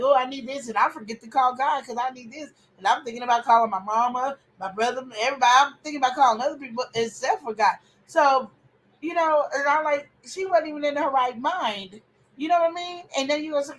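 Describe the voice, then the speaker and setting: A woman hosting a family podcast chat, talking in an animated, opinionated way with preachy outbursts. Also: high voice, fairly quick, poor audio. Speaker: podcast host.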